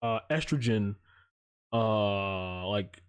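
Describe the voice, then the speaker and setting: A man's voice: fairly low pitch, very slow, clean tone. A young man streaming live, telling a long profane story in a casual, rambling way. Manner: profane, rambling, animated storytelling with put-on voices. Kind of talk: casual livestream chat.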